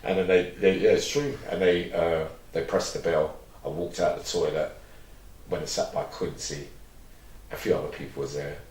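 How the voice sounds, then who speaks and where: A man's voice: sits low, fairly even intonation, normal speed, darkish tone, recorded from a distance. A man, an interview guest telling long, rambling stories and acting out what others said. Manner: rambling, acts out quoted dialogue. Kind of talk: candid storytelling interview. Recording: roomy echo, mic set back.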